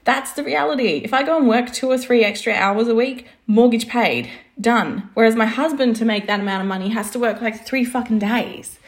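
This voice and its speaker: A woman's voice: a little high, a little fast, hardly any pauses. A woman in her thirties, a coach talking casually to camera, chatty and full of swearing and "like". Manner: chatty, swears freely, lots of "like" and laughs. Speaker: business coach and designer.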